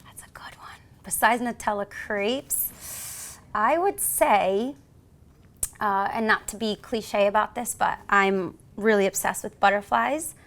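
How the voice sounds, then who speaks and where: Speaking slowly at a medium pitch, a police officer from the United States with a New York accent tells a story as an interview guest. Her delivery is lively and theatrical, and she acts out the voices within the story.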